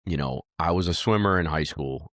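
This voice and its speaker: A man's voice: low voice, moderate pace, no room sound, studio quality. A dog trainer guesting on a podcast, chatting casually and acting out lines as he tells stories. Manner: animated storyteller, acts out lines. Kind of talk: casual interview chat.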